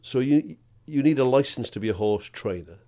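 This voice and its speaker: A man co-hosting a podcast in casual chat, animated and laughing as he tells stories. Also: medium pitch, normal speed. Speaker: podcast co-host.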